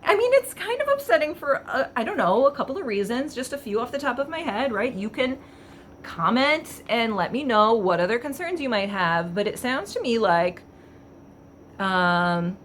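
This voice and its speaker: A woman casually reading passages aloud and commenting on them with wry amusement, thinking out loud with fillers. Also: fairly high pitch, big pitch swings, moderate pace, slight background noise. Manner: wry, chatty, laughs at the text. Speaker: vlogger.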